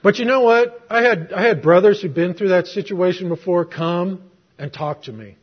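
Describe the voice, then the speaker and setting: A middle-aged man preaches a sermon, recounting a personal story conversationally and posing rhetorical questions. His voice sits high and slightly rough at a normal speed, captured on a muffled lo-fi recording.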